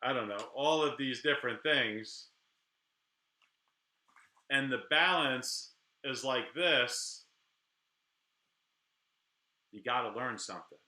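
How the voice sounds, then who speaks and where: A middle-aged defense attorney talks straight to the camera, candid and animated, often stumbling and restarting his sentences. His voice is sharp and bright. The sound carries a noticeable room echo. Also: medium pitch, slow, pauses often. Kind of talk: casual talk to camera.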